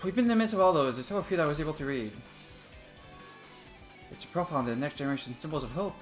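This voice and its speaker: A man's voice: fairly high pitch, expressive, very fast, soft background music. A man playing a story game who reads its dialogue aloud in a plain voice and drops blunt asides of his own. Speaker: let's player.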